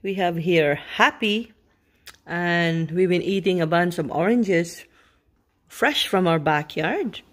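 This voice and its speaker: A woman with a lowish voice speaks slowly as she vlogs at home at night, filming her pets. She chats casually and coos baby talk to her dogs.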